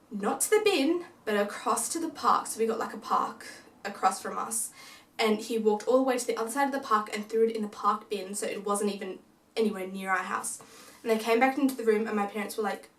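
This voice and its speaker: A fairly quick, mid-range female voice, recorded from a distance in an echoey room. The young vlogger casually relates a ghost story, animatedly voicing what her family said.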